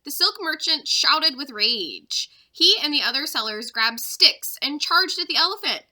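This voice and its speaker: A young woman teacher with a very bright, high voice reads a children's chapter book aloud. Her delivery is expressive and lively, rising and falling as she carries the story along. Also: unhurried. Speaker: third-grade teacher.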